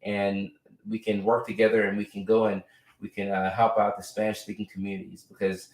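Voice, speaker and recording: Low-voiced man on a casual live stream. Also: completely flat delivery, fairly quick, recorded from a distance. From United States. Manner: conversational, frequent "right?" and fillers. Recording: echoey room, a bit off-mic.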